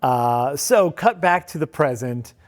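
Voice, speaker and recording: Animated, sarcastic man reviewing a movie. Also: mid-range voice, takes it slowly. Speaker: co-host. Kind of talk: casual film review chat.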